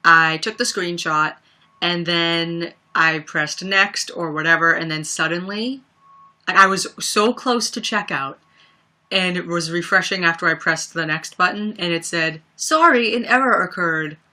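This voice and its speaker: A woman's voice: lowish voice, steady tone, measured pace, sharp tone. A young woman chatting casually on a livestream, telling stories with lots of fillers and laughs. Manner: chatty storyteller, many fillers, laughs often. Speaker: livestream host. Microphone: webcam or phone mic.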